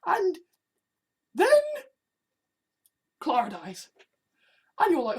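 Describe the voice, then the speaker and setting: A YouTube vlogger with an animated mid-range voice talks casually to the camera at a measured pace. Her monologue rambles in an exasperated way, and she swears freely.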